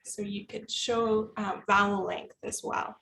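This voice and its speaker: A woman's voice: mid-range voice, little pitch movement, measured pace, creaky, fairly bright tone, distant mic, slight background noise. A woman teacher, presenting at a workshop in an encouraging, playful way.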